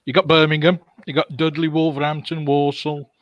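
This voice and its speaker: A man's voice: a little high, little pitch movement, a little fast, no room sound, highs cut off. Dry-witted Black Country man. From Black Country, England. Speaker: guest. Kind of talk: casual video call chat.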